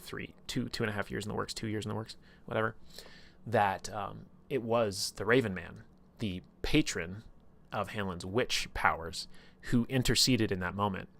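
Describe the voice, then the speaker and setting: A man's voice: lowish voice, creaky, fairly bright tone. A man casually recapping his tabletop campaign on a stream, rambling and full of filler words. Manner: rambling, filler-heavy, lots of "like".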